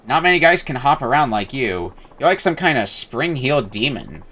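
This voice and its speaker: A man voicing an excitable young male street dancer who talks in hyped slang. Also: mid-range voice, moderate pace. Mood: excited.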